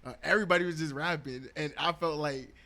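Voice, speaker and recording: A man's voice: a little high, fast, sharp tone. A man, a podcaster and YouTuber, talking casually as a guest, laid-back and full of slang, laughing easily. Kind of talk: casual conversation.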